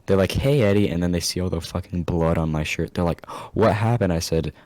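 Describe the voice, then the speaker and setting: Young man, casual podcast co-host. Very low voice, dry close mic. Laughs and swears a lot. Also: little pitch movement, quick pace, a little mellow, dry recording. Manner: laughs often, swears a lot, jumps into high squeaky voices when quoting himself. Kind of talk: casual storytelling chat.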